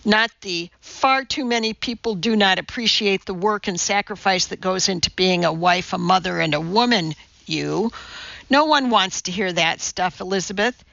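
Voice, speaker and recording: A woman's voice: mid-range voice, normal speed, vocal fry, a bit bright, no room sound, highs cut off. A woman voicing a harried, short-tempered male TV producer in an audiobook, speaking stiffly. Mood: lecturing. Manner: exasperated, stiff.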